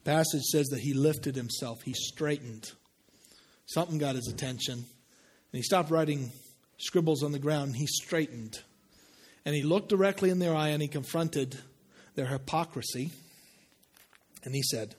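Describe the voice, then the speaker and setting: Conversational preacher man, fairly high voice. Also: slightly rough. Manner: conversational, asks the congregation questions; drops low and slow for emphasis. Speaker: pastor. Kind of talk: sermon.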